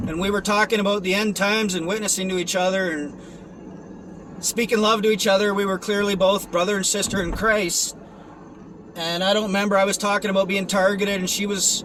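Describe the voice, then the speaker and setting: A man's voice: sits high, bright, forceful tone, a little hiss or hum, poor audio. A young man giving a rambling, earnest personal testimony, with many restarts and fillers. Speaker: testimony vlogger.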